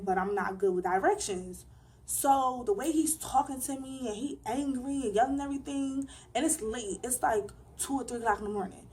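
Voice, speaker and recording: A woman's voice: medium pitch, a little mellow. A young woman vlogger telling a personal story in a casual, emphatic way, full of slang.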